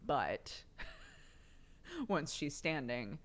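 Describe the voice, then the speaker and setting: A woman's voice: deep voice, huge pitch swings, very slow. A young adult woman streamer chatting casually, telling a story with frequent laughter and the odd swear word. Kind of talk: casual chat.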